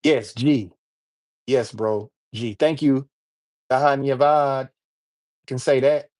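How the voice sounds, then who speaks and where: A man's voice: mid-range voice, slow pace, darkish tone. Laid-back American man chatting on a stream. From United States. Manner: laid-back, slangy, rambling. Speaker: livestream host. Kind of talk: casual livestream chat.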